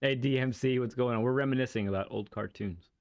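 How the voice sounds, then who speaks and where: A man's voice: medium pitch, fast, darkish tone. A man streaming a racing game, chatting casually and enthusiastically, rambling with many restarts and laughs. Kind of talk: casual livestream chat while playing a racing game.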